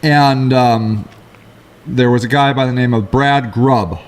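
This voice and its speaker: A middle-aged man co-hosting a casual talk show, telling rambling stories in quick, lively bursts. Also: mid-range voice. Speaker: co-host. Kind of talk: casual chat.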